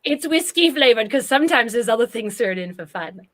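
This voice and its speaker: A woman's voice: fairly high pitch, expressive, a little fast, fairly bright tone. A woman co-hosting a comedy show in character, prim and playfully teasing in the banter. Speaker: co-host.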